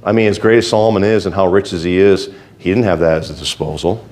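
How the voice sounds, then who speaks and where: A fervent male preacher with a fairly low voice delivers a folksy sermon. He swings from quiet, low asides to loud, urgent exhortation. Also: fairly even intonation, fast talker. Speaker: pastor.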